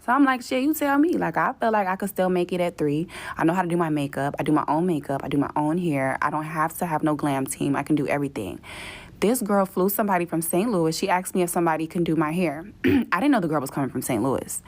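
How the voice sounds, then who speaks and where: A woman with a low, deep speaking voice vents about a booking gone wrong in a loose, casual storytelling rant. She is profane and openly exasperated, and she slips into quick mimicry of other people. The recording sounds like a self-made vlog. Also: animated, darkish tone. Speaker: vlogger telling a travel story.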